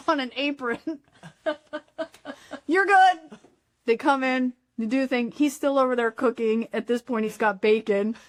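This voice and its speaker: A woman's voice: high voice, dry recording, studio quality. A woman with a Pennsylvania accent, a guest on a podcast, telling a funny story and laughing often as she goes. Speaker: real estate investor guest. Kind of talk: casual chat.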